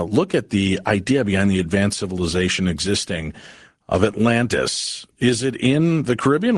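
A man hosts late-night radio in an easygoing, conversational manner, sprinkling in casual fillers as he talks. His voice sits a bit low. It comes across dry and close on a studio microphone, with no room sound. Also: no room sound. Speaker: radio talk show host.

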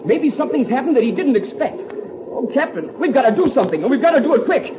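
An actor playing an excitable young sidekick with boyish exclamations, in 1940s radio acting. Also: male voice, extremely high pitch, fast talker. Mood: excited. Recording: lo-fi old radio recording, loud hiss.

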